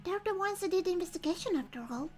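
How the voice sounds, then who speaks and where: Woman reading cheeky young heroine, high and lively. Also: quick pace, slight background noise. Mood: eager. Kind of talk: reading game dialogue aloud.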